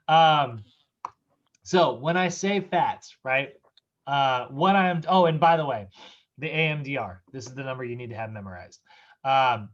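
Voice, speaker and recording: A man's voice: mid-range voice, highs cut off. Chatty male fitness instructor on a call. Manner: chatty, many fillers, laughs often. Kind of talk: casual online lecture. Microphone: video call.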